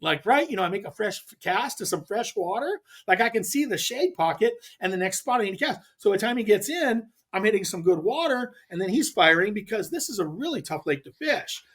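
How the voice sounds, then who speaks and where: A middle-aged man from California, a podcast guest telling a fishing story in a casual, animated way with frequent restarts. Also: high-pitched, fairly quick, hardly any pauses. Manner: animated, acts out others' lines, frequent restarts. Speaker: podcast guest, pro angler.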